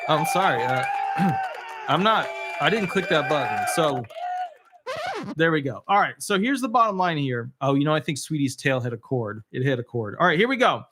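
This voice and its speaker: A man's voice: a little high, very animated, moderate pace, fairly bright tone, slight background noise. A middle-aged man, a disability attorney, explaining benefit changes in a rambling, casual way and breaking off to coo at his dog.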